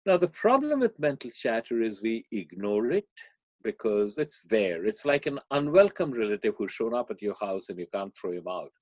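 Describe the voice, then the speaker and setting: A man as a podcast guest, explaining ideas and telling a parable in a measured way. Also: fairly low pitch, big pitch swings, darkish tone, dry recording. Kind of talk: podcast interview, storytelling.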